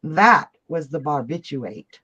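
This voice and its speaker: A deadpan male bartender speaks low and slow, dragging out the punchline with dry calm, as a woman puts him on. The words come out heavy and deliberate. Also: husky, muffled recording, full character voice.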